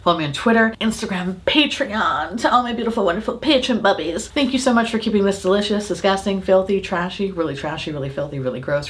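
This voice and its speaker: A young adult woman reviewing makeup in a casual vlog, gushing and swearing a lot, with self-mocking giggles. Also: mid-range voice. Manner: gushing and heavily profane. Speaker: beauty YouTuber.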